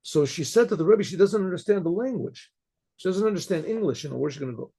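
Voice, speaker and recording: Rabbi guy telling a story, gravelly voice, stops and restarts a lot. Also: high voice, expressive, warm tone. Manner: halting, many restarts and fillers, clears throat often. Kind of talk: casual spoken storytelling.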